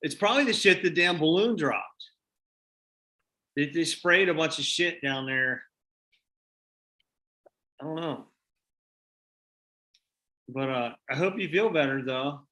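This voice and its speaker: Easygoing bright-voiced man. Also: fairly high pitch, slow pace, pauses often. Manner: easygoing, offers friendly advice. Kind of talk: casual live-stream chat.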